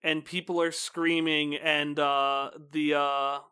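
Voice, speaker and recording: A man playing a tabletop game, describing a scene in a quick, loose way with "uh" fillers. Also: a little high, level tone, sharp tone, clear, resonant tone, no room sound, clean studio sound. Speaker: player. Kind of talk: casual game chat and narration.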